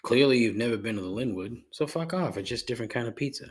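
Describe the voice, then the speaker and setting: A man's voice: mid-range voice, very fast. A man hosting his podcast alone, ranting sarcastically with lots of swearing and rambling asides. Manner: sarcastic, profane, rambling with frequent fillers. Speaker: podcast host. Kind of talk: casual solo podcast rant.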